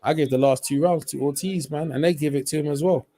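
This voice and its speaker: A man's voice: on the high side, fast talker. Slangy man calling a fight. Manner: slangy, chatty, rising to excited shouts on big punches. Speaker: live stream fight reaction host. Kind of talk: casual live fight commentary.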